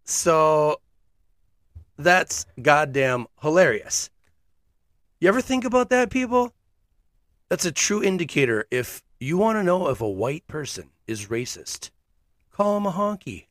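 A man's voice: a little high, very animated, measured pace, pauses often, a bit bright, no room sound, clean studio sound. A man hosting his own podcast, giving blunt, sarcastic, fiery commentary. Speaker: podcast host. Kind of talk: opinionated commentary.

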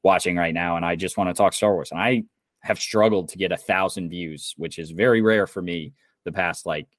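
A man's voice: deep voice, a little fast, no room sound, studio quality. A young man from Indiana co-hosting a podcast, ranting angrily and swearing. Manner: heated, swearing rant. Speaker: podcast co-host. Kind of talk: casual podcast chat.

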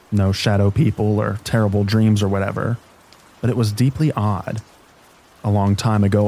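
A man narrating scary stories in a calm, even, sleep-story reading with rain behind him. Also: on the low side, poor audio.

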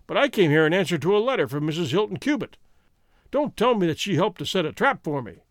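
A man voicing a bitter, desperate male American outlaw who talks loud and fierce. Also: high-pitched, big pitch swings, fast, dry recording, clean studio sound.

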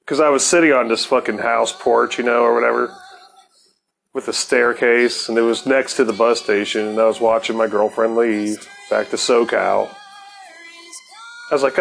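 A man's voice: medium pitch, normal speed, creaky, fairly bright tone, faint music behind, poor audio. A man hosting his own podcast, telling a personal story in a profane, laid-back way and laughing often. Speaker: podcast host. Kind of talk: casual storytelling.

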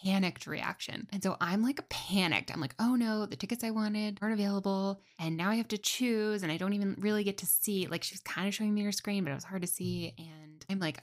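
A woman's voice: medium pitch, a little fast, hardly any pauses. A young woman hosting her own podcast, telling a personal story in a chatty, self-deprecating way full of fillers. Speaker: podcast host. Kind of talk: casual solo storytelling.

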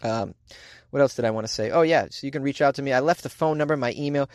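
A man's voice: mid-range voice, quick pace, no room sound, studio quality. A middle-aged man with a Boston accent hosting a comedic news podcast, joking and ranting sarcastically, recorded in a small closet. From Boston, USA. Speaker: podcast host.

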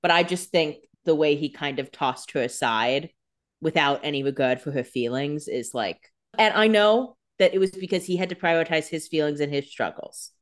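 Low-pitched woman co-host, casual and chatty, reacting to the scenes. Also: moderate pace. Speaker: podcast co-host. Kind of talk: casual recap chat.

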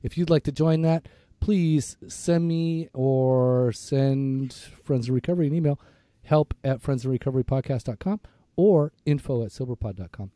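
A man co-hosts a laid-back podcast while nursing a sore throat, so his voice sounds rough. His tone is dark and mellow, recorded close and dry with no room sound. He rambles and stumbles through his lines, poking fun at himself. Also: medium pitch, normal speed, few pauses, no echo. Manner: rambling, stumbling, self-mocking. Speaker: podcast co-host. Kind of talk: casual chat.

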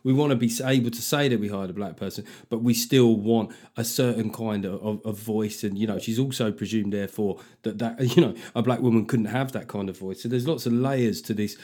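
A man's voice: lowish voice, steady tone, fairly quick, hardly any pauses, dark tone. A man hosting a podcast, laying out long points and questions with many restarts. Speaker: podcast host. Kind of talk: conversational podcast interview.

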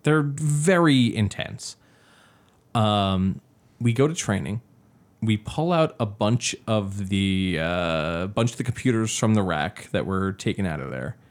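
A man's voice: on the low side, lively intonation, slow. A tired man co-hosting a casual podcast chat, swearing freely as he tells a story. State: tired, yawning. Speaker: podcast co-host.

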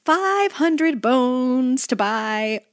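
A woman's voice: sits high, animated, drawn-out words. A woman with a faint Southern accent, co-hosting a book podcast, playful and laughing easily as she reads a giveaway. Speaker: podcast co-host. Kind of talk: casual chat and sponsor reads.

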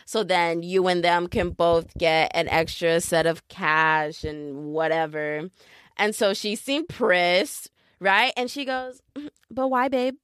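A young woman hosting a podcast, telling a story in a casual, animated way and mocking other people in impressions. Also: on the low side, slow, clean tone, no echo, studio quality. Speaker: podcast host. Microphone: podcast mic.

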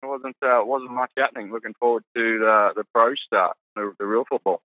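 A man with an Australian accent, a guest golf pro in casual podcast chat, halting and repeating words. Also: mid-range voice, fairly even intonation, no echo, narrow, tinny audio.

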